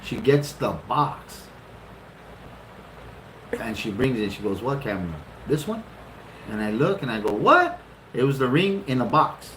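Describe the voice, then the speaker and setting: A middle-aged man casually telling a long, funny story, swearing freely and jumping up in pitch for retold lines. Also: moderate pace, long pauses, a little hiss or hum. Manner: animated, profane, laughing often, jumps into high-pitched retellings. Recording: roomy echo.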